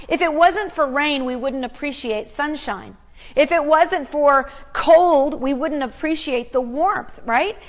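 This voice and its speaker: A woman's voice: sits high, a bit bright. A middle-aged woman giving a live motivational talk, emphatic and preachy, driving points home by repeating phrases. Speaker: motivational speaker.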